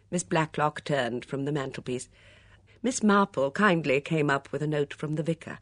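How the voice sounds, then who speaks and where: An audiobook narrator reading a mystery novel in a measured, even storytelling manner. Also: mid-range voice, no echo. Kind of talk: scripted narration.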